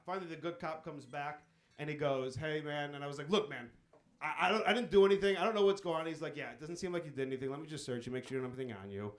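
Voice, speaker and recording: A young man doing a live stand-up set, telling a profane story and acting out quick quotes. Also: on the high side. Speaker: stand-up comedian. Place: comedy club stage.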